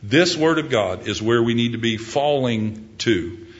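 A man preaching an earnest sermon, pressing the listeners with rising questions and closing in a soft, hushed prayer. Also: medium pitch, lively intonation, unhurried. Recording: dull lo-fi recording.

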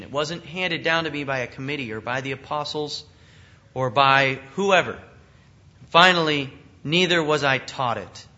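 Brief: male preacher, earnest expository sermon, bright forceful tone, slightly raised pitch, muffled lo-fi recording. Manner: earnest, emphatic, asks the congregation questions.

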